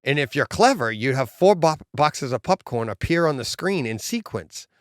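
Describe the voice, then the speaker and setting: A man's voice: mid-range voice, sing-song, normal speed, dry recording, studio quality. A man co-hosting a podcast, telling stories animatedly, mimicking people and laughing often. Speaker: podcast co-host. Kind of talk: casual chat.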